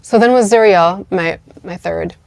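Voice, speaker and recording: A woman's voice: mid-range voice, a little slow, creaky, darkish tone, no echo. A woman in her thirties, a podcast guest, telling a personal story in a chatty way, full of fillers, acting out what others said. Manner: chatty, many "like" fillers, acts out quoted voices. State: tearful at moments. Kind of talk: casual storytelling.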